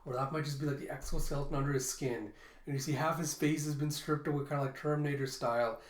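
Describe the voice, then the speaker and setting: A man with a fairly high voice hosts a comic readthrough, casually describing the panels aloud with fillers along the way. He speaks quickly with fairly even intonation, and the recording has a roomy echo.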